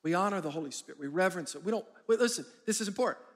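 High-voiced preaching pastor in a reverberant hall. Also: male voice, very fast. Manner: animated call-and-response preaching, asks congregation to repeat words. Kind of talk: sermon. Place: large church auditorium.

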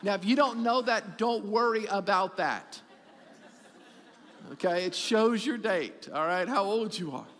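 A middle-aged man preaching a sermon as pastor, animated and repetitive for emphasis, joking with his congregation. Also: high-pitched, measured pace, big-room sound.

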